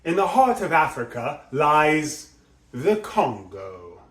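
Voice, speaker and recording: A man narrating a nature documentary slowly and deliberately, with clear pauses. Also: a little high, sing-song, a bit bright, echoey room.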